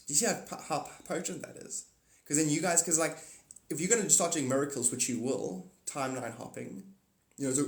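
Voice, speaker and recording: A man's voice: on the high side, normal speed. Rambling man livestreaming in an echoey room. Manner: rambling, animated, spiritual talk. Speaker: livestream host. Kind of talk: casual livestream chat reading comments. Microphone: phone.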